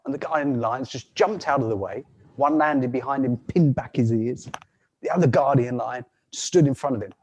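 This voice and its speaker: Over a video call, a storyteller with a medium-pitched voice tells a folk tale unhurriedly. He often restarts his sentences and laughs softly along the way.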